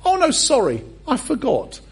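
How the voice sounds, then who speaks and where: A man voicing the apostle Peter as an excited show-off, bragging to the other disciples. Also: normal speed, husky, heavily acted. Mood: boastful. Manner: excited, bragging, high-pitched. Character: boastful apostle Peter showing off.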